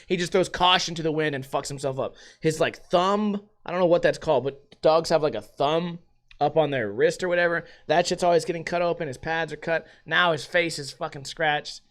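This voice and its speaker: A man's voice: on the high side, a bit bright. A man hosting a casual solo podcast from home, rambling and swearing often. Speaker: podcast host.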